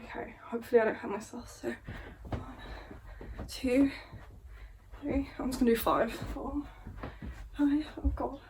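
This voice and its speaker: A woman's voice: high-pitched, unhurried, pauses often, a little mellow, slight background noise. Chatty woman book vlogger. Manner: chatty, swears freely, exasperated humor. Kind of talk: casual chat.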